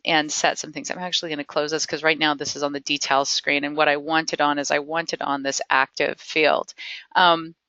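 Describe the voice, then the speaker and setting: A woman walks through a live software demo in a chatty, enthusiastic way, restarting sentences and joking at her own expense. Her voice sits on the low side. The audio is dry and a little dull, like a headset on a web call. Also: no echo. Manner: chatty, enthusiastic, self-deprecating, frequent ums and restarts. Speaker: webinar trainer.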